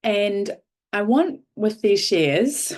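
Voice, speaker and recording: A woman's voice: medium pitch, animated, extremely slow, a little mellow. A woman leading an online workshop over a video call, encouraging and swearing casually. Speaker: workshop facilitator.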